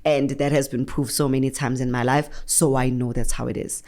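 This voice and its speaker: A woman's voice: a bass voice, brisk. A young adult woman, an actress talking earnestly as an interview guest. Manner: earnest, animated, acts out quotes. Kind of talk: conversational interview.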